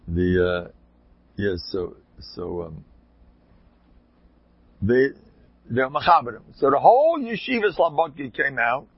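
A man's voice: mid-range voice, creaky, husky, dry recording, highs cut off. A man telling rambling anecdotes in a casual way, with sudden emphatic bursts.

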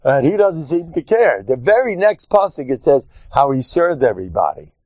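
A rabbi gives a humorous Torah lecture at a moderate pace, joking and teasing as he teaches and animatedly acting out quotes in squeaky voices. The recording is dull, dry, and lo-fi.

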